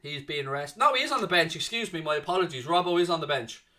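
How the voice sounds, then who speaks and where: Talking quickly in a fairly high voice, a young man calls the play during a live fan watchalong. He keeps up excitable, chatty commentary and breaks to read viewers' messages aloud.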